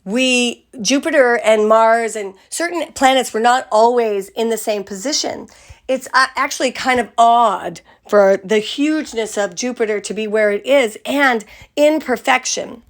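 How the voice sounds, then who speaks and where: Older woman, raspy cold voice, slightly high, meandering spiritual chat. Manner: chatty, meandering, drawn-out phrasing. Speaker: spiritual teacher. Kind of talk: casual spiritual talk.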